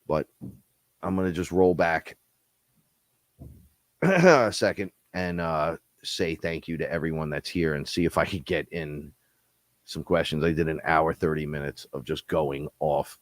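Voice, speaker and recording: A man with a very low, stuffy-nosed voice co-hosts a spiritual live stream. He rambles in a lively, profane way and laughs as he talks. The sound is dry and close. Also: a little slow, no room sound. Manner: animated, profane, laughs often. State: stuffy nose.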